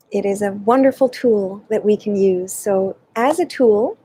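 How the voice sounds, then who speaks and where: A woman leading a live laughter yoga session on her own, giving gentle, unhurried guidance and moving between French and English. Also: mid-range voice, slight background noise, poor audio. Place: indoors, alone.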